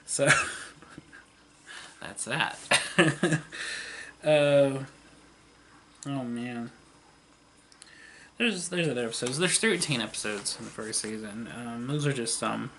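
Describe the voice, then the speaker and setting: Bright-voiced man retelling an old show. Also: medium pitch, creaky, slight background noise. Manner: rambling, lots of fillers and laughter. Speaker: vlogger. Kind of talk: casual retelling of a TV series.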